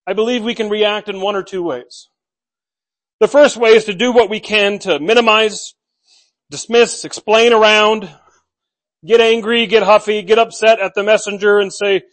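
Guy pastor giving a sermon, kinda high voice, earnest, repeats key words, jokes about himself. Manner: earnest, conversational preaching with repeated emphatic words.

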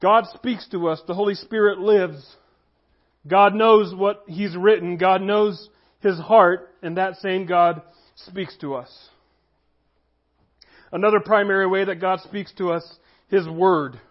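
A man with a high voice delivers a sermon, earnest and emphatic, drawing out key phrases. The recording sounds a little dull and lo-fi. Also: steady tone, takes it slowly. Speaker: pastor.

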